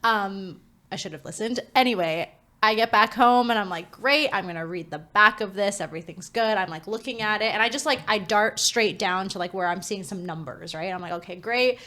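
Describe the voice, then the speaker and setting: A woman co-hosting a podcast, telling a story in casual chat, animated and laughing, full of filler words. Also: medium pitch, fairly quick. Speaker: podcast co-host.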